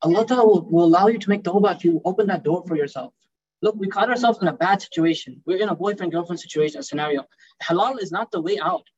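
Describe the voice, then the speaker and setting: A man's voice: high-pitched, quick pace, darkish tone, breathy edge, lo-fi sound. A man giving a sermon as a Muslim preacher, speaking conversationally and addressing the audience as brother.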